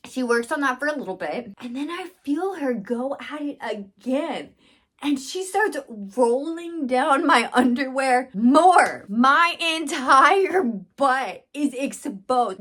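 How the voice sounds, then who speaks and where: A young woman tells a storytime into her phone camera, her voice sitting a little high. She laughs often and plays out her own inner thoughts with animated, dramatic flair. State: just bit her lip, bleeding. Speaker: massage therapist and vlogger. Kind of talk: casual storytime vlog.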